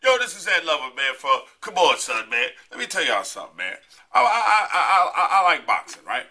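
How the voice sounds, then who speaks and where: A man's voice: a little high, sing-song, a little fast, bright, forceful tone. A middle-aged man hosting a comedic promo, delivering a brash, profane rant with a repeated catchphrase. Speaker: host of comedy promo bit.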